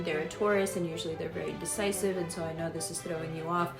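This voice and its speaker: A woman giving a casual horoscope reading in a chatty, animated way, sometimes acting out imagined dialogue. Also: on the low side, fast talker, vocal fry, echoey room, over music. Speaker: astrologer.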